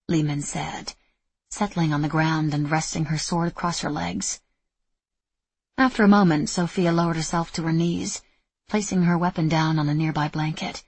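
A woman reads a novel aloud at a steady, even pace. Her voice sits low and has a husky edge. The recording is dry and close, with no room sound. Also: normal speed, no echo. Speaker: audiobook narrator. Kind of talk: scripted narration.

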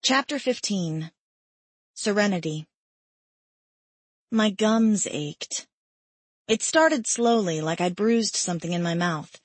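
A woman reads a first-person novel in a mid-pitched, husky voice. The recording is dry and close, with no room sound. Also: animated, no room sound. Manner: intimate, measured first-person storytelling. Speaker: audiobook narrator. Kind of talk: scripted narration.

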